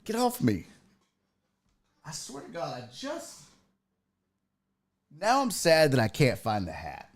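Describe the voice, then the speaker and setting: Slow, animated casual man. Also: a little high, crowd noise. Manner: loose and profane, greets viewers by name. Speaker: podcast host on a live stream. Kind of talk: casual chat, reading out live chat.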